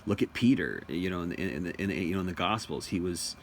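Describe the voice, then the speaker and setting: A man's voice: sits low, lively intonation, fast talker, a little hiss or hum. A young man giving a casual, opinionated monologue as a commentator. He rambles, restarts often and repeats phrases for emphasis.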